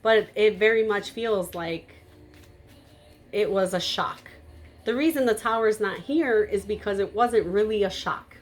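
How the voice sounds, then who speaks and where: A woman giving a tarot reading to camera, blunt and emphatic, naturally loud, with casual swearing. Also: mid-range voice, a little slow. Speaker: tarot reader.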